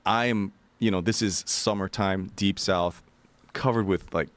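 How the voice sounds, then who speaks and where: With a deep voice and measured pace, a man tells a wild hitchhiking story in a casual, profane way. He's animated, acting out what people said.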